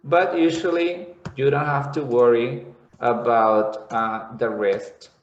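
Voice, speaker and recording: Male teacher, patient classroom explaining; slow, roomy lo-fi sound. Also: mid-range voice, steady tone. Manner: explains slowly, repeats words, checks in with "okay". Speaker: English teacher. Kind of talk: classroom lesson. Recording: echoey room, dull lo-fi sound.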